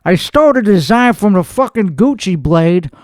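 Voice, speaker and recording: A man's voice: high-pitched, very animated, moderate pace, no echo, studio quality. A man hosting a comedy podcast, ranting in a profane, boastful and aggrieved way. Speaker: podcast host. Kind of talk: comedic rant.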